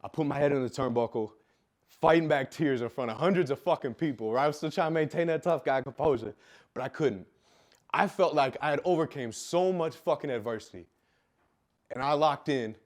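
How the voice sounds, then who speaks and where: A young adult man tells his raw life story, emotional and heavy with swearing, repeating phrases for emphasis. His voice is medium-pitched and a little fast.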